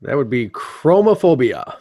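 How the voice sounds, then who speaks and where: A man's voice: medium pitch, sing-song, unhurried, dark tone, a little hiss or hum. A man co-hosting a casual podcast, answering quiz questions in a laid-back, tired way. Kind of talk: casual banter.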